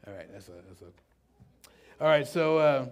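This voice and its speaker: A middle-aged man preaching a sermon in a conversational, halting way, full of restarts and asides. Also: fairly high pitch, animated. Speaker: pastor.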